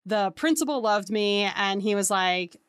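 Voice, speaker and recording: A woman's voice: medium pitch, lively intonation, a little slow, a bit bright, clean tone, no echo, clean studio sound. A woman in her thirties, a podcast host, casually telling personal stories and acting out the dialogue with lots of "like". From New York area. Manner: chatty, acts out quoted dialogue with lots of "like". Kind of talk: casual storytelling.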